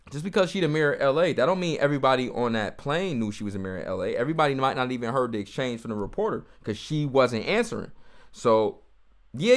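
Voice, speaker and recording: A man giving casual, heated commentary on a video and talking straight to his viewers. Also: fairly high pitch. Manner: animated, talks straight to viewers, heated and mocking.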